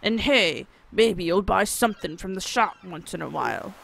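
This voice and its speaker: A woman voicing a salty male fisherman sailor in a lowered, drawling voice. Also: expressive, normal speed, vocal fry, fairly bright tone, a little hiss or hum, exaggerated voice. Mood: hearty.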